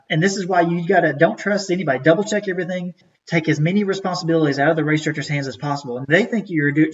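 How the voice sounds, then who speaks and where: A man runs a casual training webinar on race timing, rambling conversationally with plenty of fillers. His voice sits a little high and comes from some distance off the computer mic. The webinar audio is dull and lo-fi.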